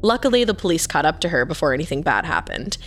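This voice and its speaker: A woman's voice: low voice, very animated, soft background music. A woman co-hosting a podcast, reacting playfully and counting down odd crime stories. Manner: playful, quick reactions, teasing. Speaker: podcast co-host. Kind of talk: casual true-crime chat.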